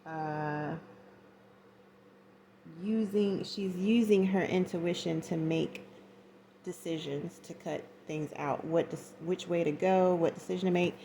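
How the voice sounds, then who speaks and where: Gravelly, chatty woman reading tarot. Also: lowish voice, fairly even intonation, slow, dark tone, a little hiss or hum. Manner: chatty, slangy, acts out little scenes. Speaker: tarot reader.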